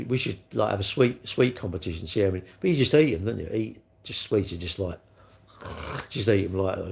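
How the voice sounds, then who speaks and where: Gravelly man, rambling live chat. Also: lowish voice. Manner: chatty, rambling, cheeky, answers chat comments. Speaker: livestream host.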